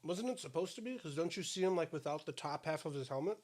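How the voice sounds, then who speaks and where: Man, podcast co-host, a little high pitched, chatty casual talk, lots of hedging. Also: lively intonation, fast, a little mellow. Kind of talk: casual chat while eating.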